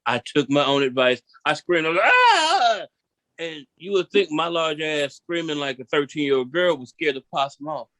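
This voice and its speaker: A man from Memphis, performing a seated stand-up comedy set in an animated storytelling style and repeating punchlines for emphasis. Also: a little high, brisk, few pauses. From Memphis, Tennessee.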